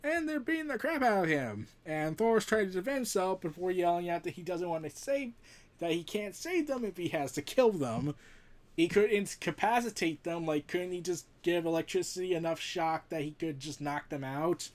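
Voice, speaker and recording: A man's voice: sits high, expressive, normal speed. A man reviewing a comic book in a casual, rambling recap. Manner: rambling recap with fillers and restarts.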